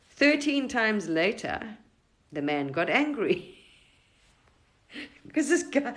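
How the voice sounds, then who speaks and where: A middle-aged woman hosting a casual live stream, rambling gently through spiritual advice with frequent restarts. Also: mid-range voice, sing-song, takes it slowly, pauses often, poor audio. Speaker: livestream host.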